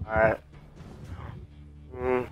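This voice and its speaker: A man's voice: medium pitch, little pitch movement, very slow, highs cut off, soft background music. Crude young man mumbling while eating. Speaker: gaming co-host. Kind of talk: casual gameplay commentary.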